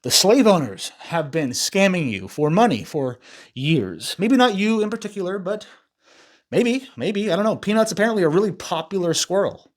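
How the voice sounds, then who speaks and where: A man's voice: sits high, sing-song, moderate pace. A man hosting a commentary video, ranting in a rambling, profane, self-interrupting way. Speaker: commentary channel host.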